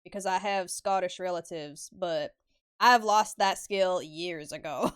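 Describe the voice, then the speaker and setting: A woman's voice: on the low side, slow pace, clear, resonant tone. A woman streamer chatting casually with her viewers while she draws. She laughs often and swears freely as she answers chat. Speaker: live-stream artist.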